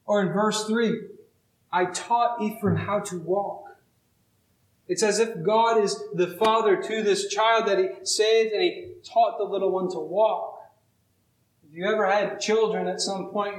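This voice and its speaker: A man preaching a sermon, earnest and emphatic, reading scripture aloud and slowing down on key words. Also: sits high, reverberant, poor audio.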